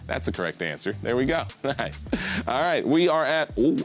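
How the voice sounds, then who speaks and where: Man, trivia host, lively jokey delivery, pitch leaps around, faint music underneath. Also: normal speed. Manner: jokey, animated, goofy asides. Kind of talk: live mobile trivia hosting.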